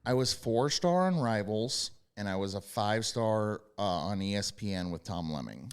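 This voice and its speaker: A young man with a very low, deep voice tells his stories in brash, profane casual chat. Now and then he breaks into loud yelled impressions. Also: expressive, normal speed, clean tone. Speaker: podcast guest, former quarterback.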